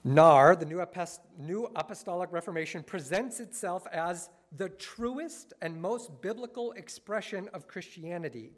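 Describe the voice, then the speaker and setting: Man, earnest lecturer, mid-high voice, wry asides. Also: expressive, moderate pace, few pauses. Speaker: speaker critiquing a church movement. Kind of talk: lecture-style talk, reading quotes.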